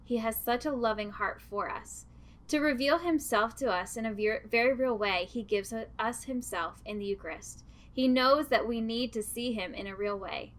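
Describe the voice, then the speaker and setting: Gentle, earnest religious sister, higher voice. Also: female voice, normal speed. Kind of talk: devotional reflection.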